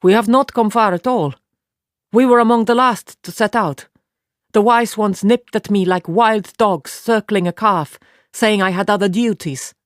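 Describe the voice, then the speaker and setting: Reading an audiobook, a woman voices a blunt, matter-of-fact young warrior woman in a raised voice, plain and measured. Her mid-range voice is pitched above her own but close to everyday speech, captured dry in a clean studio.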